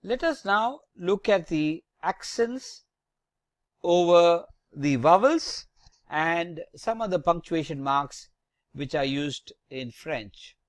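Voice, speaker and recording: This French teacher talks very slowly and carefully, drawing out each letter as they spell it. The voice rises and falls in a lively way, and the recording sounds dry and close. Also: mid-range voice, no room sound. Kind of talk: slow, deliberate language lesson.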